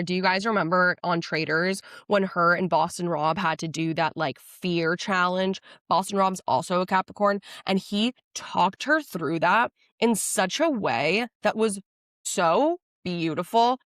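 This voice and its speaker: A woman's voice: mid-range voice, normal speed, no echo. Chatty young woman, close dry sound. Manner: gushing, animated, chatty with lots of likes. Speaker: podcast host. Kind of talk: casual solo podcast chat about astrology.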